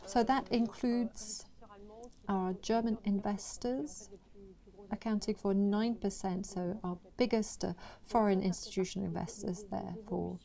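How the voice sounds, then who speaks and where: A woman's voice: medium pitch, fairly even intonation, a little slow, creaky, warm tone. A woman presenting annual financial results to investors, talking in a hesitant way with many fillers and restarts.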